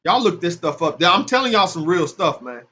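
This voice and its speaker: High-voiced man preaching with fervor. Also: very animated, normal speed, sharp tone. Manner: street-talk, rising to emphatic preaching. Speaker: religious commentator. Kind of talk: impassioned casual commentary on scripture.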